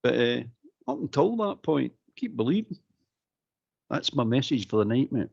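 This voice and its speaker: A Scottish man with a gravelly, husky voice that rises and falls a lot as he talks football on a phone-in. He keeps repeating himself and tacks "mate" onto his sentences. The audio is dull and lo-fi. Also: mid-range voice, normal speed. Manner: animated, repeats himself, says "mate" often. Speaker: caller.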